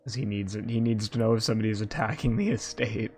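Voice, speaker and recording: A man narrating as game master of a tabletop game over an online call, relaxed and unhurried. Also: fairly low pitch. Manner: relaxed, unhurried, laughing asides. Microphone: home mic on an online call. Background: background music.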